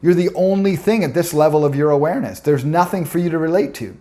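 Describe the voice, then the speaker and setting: A man's voice: a little high, fast talker, warm tone, pitched above the performer's own voice, natural voice. A man voicing a playful, motherly female plant spirit who speaks with solemn, preaching repetition.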